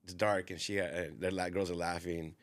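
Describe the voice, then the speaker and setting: A man's voice: low voice, little pitch movement, normal speed. A man telling a long story in a casual podcast chat, rambling, full of fillers, and often quoting what others said.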